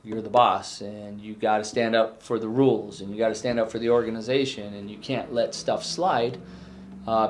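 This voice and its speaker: A middle-aged retiring fire chief reflects in his exit interview, earnest and halting, restarting often. His voice is lowish, with a little hiss or hum in the recording.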